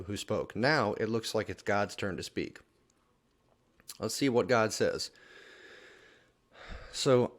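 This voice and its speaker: A man hosting a daily Bible reading video, talking through the scripture casually and often checking in with a questioning "right?". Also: deep voice. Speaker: Bible reading plan host.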